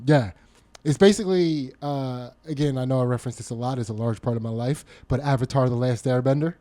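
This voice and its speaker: A man's voice: medium pitch, a little fast, mellow. A man co-hosting a podcast in casual chat, playful and teasing with puns. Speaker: podcast co-host.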